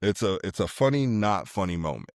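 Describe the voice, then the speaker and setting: A man's voice: sits low, very animated, a little fast, darkish tone, no echo. A man casually recapping an action movie as podcast co-host, playful and jokey.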